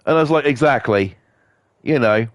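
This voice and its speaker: A man's voice: normal speed, dry recording. A man streaming to a live chat, ranting angrily and swearing a lot, coughing now and then. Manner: angry, sweary rant with big pitch swings.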